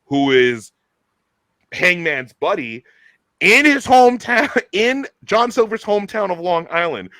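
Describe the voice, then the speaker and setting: A man hosting a casual chat, talking in an enthusiastic, animated way with quick restarts. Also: on the high side, no room sound. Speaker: podcast host.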